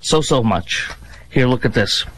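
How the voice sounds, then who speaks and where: A man filling in as a talk radio host, giving sarcastic, mocking political commentary with exaggerated swings in pitch. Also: animated, unhurried, a bit bright, breathy edge, rough recording.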